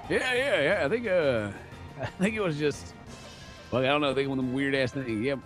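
A man's voice: mid-range voice, normal speed, a bit bright, soft background music. A man in a game roleplay talking casually and rambling, swearing often. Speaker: roleplay player. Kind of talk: GTA roleplay in character.

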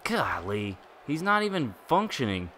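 A man giving excitable live commentary while playing a wrestling video game, groaning and exclaiming at each turn. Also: medium pitch, measured pace, a little hiss or hum. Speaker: gaming YouTuber.

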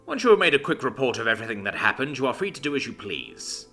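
A man's voice: medium pitch, sing-song, fast talker, sharp tone, faint music behind. A man voicing a formal, upbeat male captain who speaks in proper, stiff phrasing. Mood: brisk, formal.

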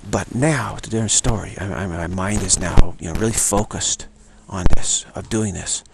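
A man's voice: low-pitched, moderate pace, vocal fry. A man giving an informal spiritual talk in a rambling way, often acting out little dialogues. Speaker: spiritual teacher. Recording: loud background noise.

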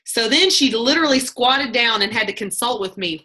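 A woman leading a casual team pep talk over a video call, chatty and animated, acting out what people said and laughing often. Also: medium pitch, fast, hardly any pauses. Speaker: team leader giving a sales training talk.

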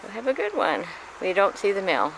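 A woman's voice: medium pitch, huge pitch swings, fairly quick. Chatty woman filming animals outdoors. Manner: chatty, coos affectionately at animals. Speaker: vlogger filming wildlife. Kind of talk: casual narration while filming. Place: outdoors by a street and pasture. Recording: noisy outdoor camera audio.

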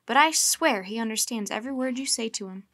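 A woman reading aloud voices a grandmother who speaks gently but firmly. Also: on the high side, lively intonation, brisk. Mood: fond. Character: warm, firm grandmother.

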